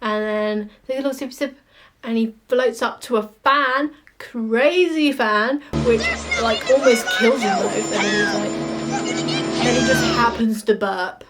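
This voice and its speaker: A woman ranting in a casual vlog, animated, sweary and mocking. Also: on the high side, a little slow, faint music behind. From United Kingdom. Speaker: vlogger. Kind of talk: casual ranting monologue to camera.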